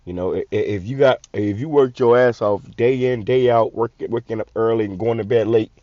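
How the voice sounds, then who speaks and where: Commenting casually on a video, this channel host is blunt and swears freely, frequently restarting and repeating himself. He talks fairly quickly in a dark, mid-range voice. There's no room sound, and the recording is muffled lo-fi.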